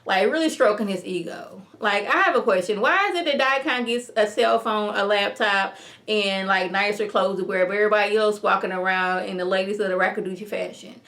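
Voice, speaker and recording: A woman's voice: medium pitch, brisk. Chatty woman recapping a TV episode. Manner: animated, chatty, acts out characters' lines, many "like" fillers. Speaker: TV review vlogger.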